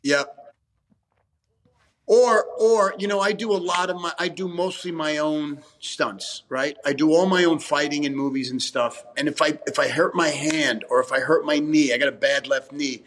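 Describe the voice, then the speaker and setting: A man's voice: on the high side, moderate pace, fairly bright tone. A man, an actor guest talking casually in an interview, rambling with restarts and frequent swearing. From New York, USA.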